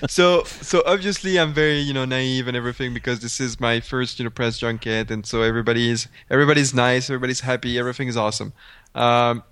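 A man co-hosting a casual podcast, telling stories with animation and plenty of "like" and "you know." His voice sits at a middle pitch. The recording is dry and close. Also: quick pace, clean tone, dry recording. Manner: animated storyteller with frequent fillers and laughs. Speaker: podcast co-host. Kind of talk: casual chat.

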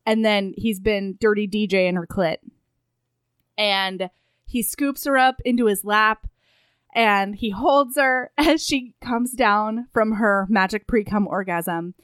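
A woman casually retelling a book's scenes with frequent giggles and quick asides. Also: mid-range voice, clean tone, no echo. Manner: giggly, animated retelling with quoted voices. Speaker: podcast co-host. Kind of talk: casual comedic chat recapping a book.

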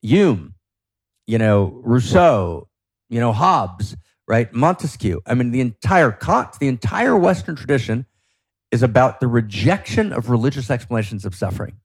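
A man with a medium-pitched, slightly rough, sing-song voice talks at normal speed as a podcast guest. His philosophical talk is passionate, fervent, and emphatic, dotted with "right?" check-ins. No echo.

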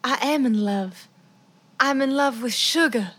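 A goofy woman co-host with a bright, slightly high voice. She plays along with every bit and tosses in deadpan asides. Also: a little slow. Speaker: podcast co-host. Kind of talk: comedic banter.

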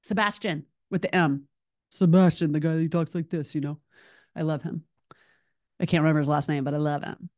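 A woman in her thirties hosts her own podcast, talking straight into a close microphone in a dry, unechoing room. She is animated and emotional, chatty and candid, tossing in "like" as she goes. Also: low voice, brisk, dry recording. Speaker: podcast host. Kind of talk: solo podcast monologue.

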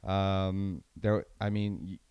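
A lowish, resonant male voice with a French Canadian accent, chatting casually about his work as an announcer. He rambles and restarts his sentences, then picks up as he tells a story. The sound is close and dry. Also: level tone, slow pace, clean tone, no echo, highs cut off. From French-speaking Canada. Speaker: event announcer. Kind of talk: casual chat.

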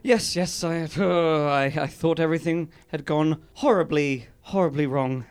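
A man's voice: fairly high pitch, measured pace, clean tone, faint music behind, lightly acted. A man voicing a frazzled, nervous woman in a fantasy tale who hesitates and laughs anxiously.

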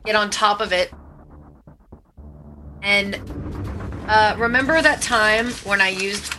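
A woman's voice: medium pitch, slow pace, background noise. A woman playing a tabletop game, talking in a hesitant, playful way. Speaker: player.

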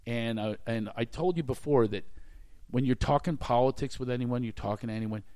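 A man's voice: mid-range voice, a little fast. A man hosting a podcast, telling self-deprecating stories in a casual comedic chat. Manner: animated, self-deprecating storyteller. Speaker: podcast host.

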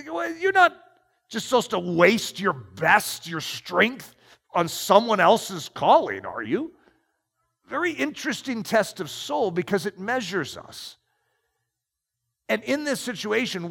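A man's voice: high voice, big pitch swings, a little slow, gravelly, bright, forceful tone, breathy edge. A man preaching and reading aloud from a book, emphatic and storytelling. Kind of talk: sermon with read-aloud passages. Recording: long echoing reverb.

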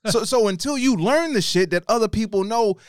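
Comic guy ranting, fed up, cusses a lot, clean smooth voice. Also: high voice, expressive, a little fast, no room sound, clean studio sound. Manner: exasperated ranting, profane. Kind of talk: casual podcast chat.

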